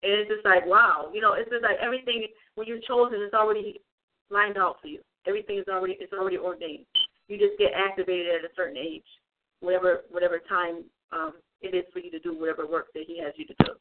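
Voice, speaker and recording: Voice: medium pitch, fairly even intonation, quick pace, heavy background noise. An online religious speaker giving an informal livestream talk, rambling with many fillers and repeated phrases. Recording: tinny phone-like sound.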